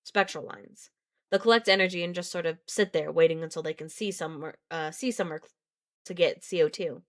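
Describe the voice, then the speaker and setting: A woman's voice: fairly low pitch, fairly quick, natural voice. A woman reading a novel aloud, voicing a plainspoken male scientist who explains things in her own everyday voice. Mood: explaining.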